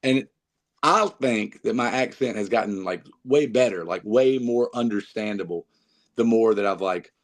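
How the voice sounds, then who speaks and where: Speaking at normal speed in a lowish, slightly mellow voice, a man guests on a podcast as a musician. He has a North Carolina Southern accent and chats casually, rambling with many fillers and restarts.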